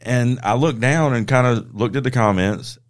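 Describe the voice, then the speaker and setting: A man hosting a podcast, telling stories in an easygoing way and giving shout-outs. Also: medium pitch, normal speed. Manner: easygoing storyteller, laughs often. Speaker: podcast host. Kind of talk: casual chat.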